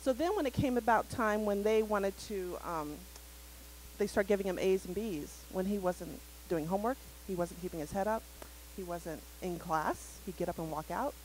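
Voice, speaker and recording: A woman's voice: medium pitch, moderate pace, a little mellow, slight background noise, poor audio. A woman on a live community panel, telling a story animatedly and acting out the quotes. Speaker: parent panelist. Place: community center event.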